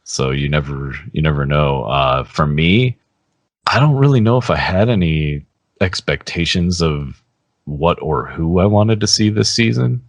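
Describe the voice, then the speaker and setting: Very deep-voiced man chatting casually. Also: unhurried, dry recording. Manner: relaxed, laughs often, trails off. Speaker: podcast co-host. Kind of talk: casual chat.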